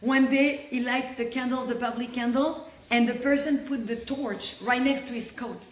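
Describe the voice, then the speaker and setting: A fairly high-pitched woman gives a Torah lesson over a video call and tells the story in an animated way. She turns hushed at the tense moments, and her voice carries a roomy echo. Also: moderate pace. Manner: animated storyteller, drops to hushed tones for tension. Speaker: Torah teacher.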